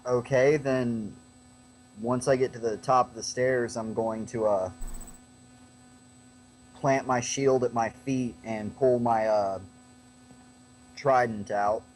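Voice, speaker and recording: Hesitant man with slow speech. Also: mid-range voice, steady tone, darkish tone, slight background noise. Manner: hesitant, many fillers. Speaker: player. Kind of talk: casual tabletop game chat.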